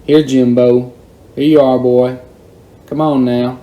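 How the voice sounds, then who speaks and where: A man's voice: fairly low pitch, steady tone, unhurried, highs cut off, lightly acted. A man voicing an earnest country boy who talks to his old dog, in a storybook reading. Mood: coaxing.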